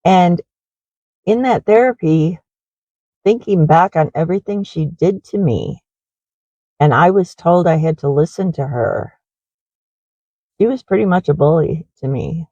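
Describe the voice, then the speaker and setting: A woman's voice: on the low side, unhurried, long pauses, warm tone, no echo, highs cut off. A middle-aged woman who runs a horse ranch, rambling in a confessional way with many fillers in a casual walking vlog.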